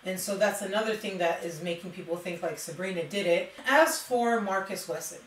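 A woman's voice: on the low side, a little fast. A woman hosting a true crime video, telling the story casually and reading out quotes. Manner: chatty, reads quotes aloud, frequent "like". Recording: roomy, distant mic with faint noise.

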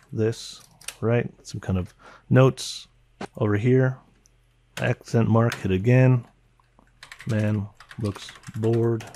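A man with a somewhat low voice walks through an editing program, calling out shortcut keys in brisk, clipped fragments. Keyboard typing can be heard behind him. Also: a little mellow. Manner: calls out key names in short clipped bursts. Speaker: video editing instructor. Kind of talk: screen-recorded software tutorial.

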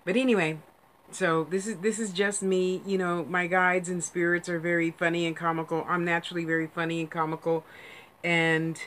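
A woman's voice: on the low side, fairly bright tone, a little hiss or hum. A woman hosts a casual psychic livestream. She talks in a rambling, effusive way and laughs often, gushing over her viewers as she chats. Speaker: psychic medium livestream host.

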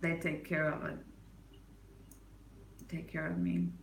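A woman with a low, creaky, sing-song voice takes her time as she chats on her livestream in a non-American accent. Playful and often laughing, she reads chat aloud and teases viewers while suffering a headache, heard in a low-quality echoey recording with slight background noise.

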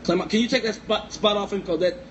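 A man doing a loud, playful stand-up comedy set and teasing the crowd. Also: high-pitched, fairly even intonation, fast. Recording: noisy live recording.

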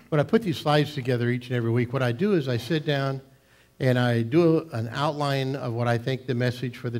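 A man's voice: medium pitch, darkish tone. Man preaching a conversational sermon. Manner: conversational, explains at length with small restarts. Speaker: pastor.

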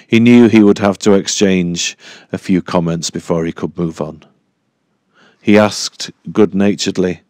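A man reading a horror audiobook in a measured, deliberate storytelling manner. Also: low-pitched, fairly even intonation, darkish tone, no echo. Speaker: audiobook narrator. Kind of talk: scripted horror narration.

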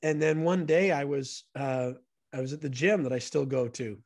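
A man's voice: mid-range voice, normal speed, a little mellow, no room sound. A man, a guest on a podcast, telling stories in an earnest and enthusiastic way. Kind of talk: casual storytelling conversation.

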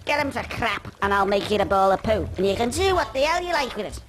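A woman's voice: medium pitch, sing-song, quick pace, lightly acted. A woman voicing a coarse, brusque male dung beetle in a video game cutscene. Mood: gruff. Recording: game audio with music behind.

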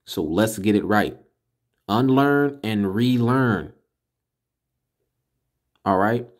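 A man teaching a casual class, correcting pronunciation in an emphatic way and slowly sounding out syllables one by one. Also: lowish voice. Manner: slow, deliberate, repeats and sounds out syllables. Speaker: teacher of a religious language class. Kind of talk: casual spoken lesson.

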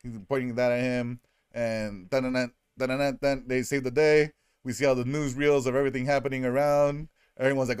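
A man in a casual podcast chat, rambling through a film recap with laughs and quick put-on voices for the characters. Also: medium pitch, level tone, clean tone, no echo, clean studio sound. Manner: rambling, laughing, acting out lines. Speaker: podcast co-host.

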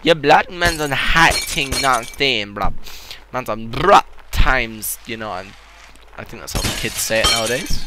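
A young man giving excitable, joking let's-play commentary, crude and sarcastic. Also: medium pitch, a little slow. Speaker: gaming channel host. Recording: loud background noise.

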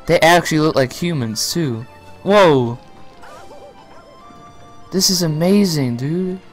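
A young man reacting live to a game presentation, gasping, shouting and swearing in surprise. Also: fairly high pitch, lively intonation, takes it slowly, soft background music. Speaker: reaction streamer.

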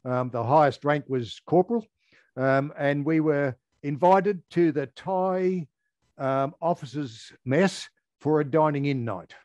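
An older Australian man, a former air force firefighter, telling a story in an interview, halting with many ums and restarts. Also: on the high side, a little mellow, no room sound, lo-fi sound.

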